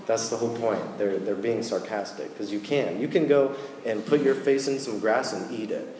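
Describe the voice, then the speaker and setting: A man's voice: fairly low pitch, normal speed, darkish tone. A man giving a casual sermon, chatty and joking with slangy asides. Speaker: preacher. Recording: echoey hall with long reverb.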